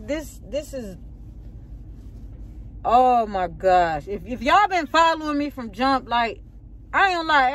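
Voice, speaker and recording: A woman's voice: on the high side, fairly bright tone. A young adult woman vlogging a rambling, shaken rant from her car, repeating herself as she vents. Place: in or by a car on a road. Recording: outdoor road noise.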